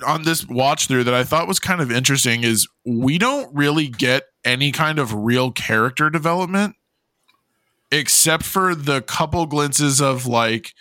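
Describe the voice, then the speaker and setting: Bright, blunt man swearing freely. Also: medium pitch, normal speed, no echo. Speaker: podcast co-host. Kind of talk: casual movie podcast chat.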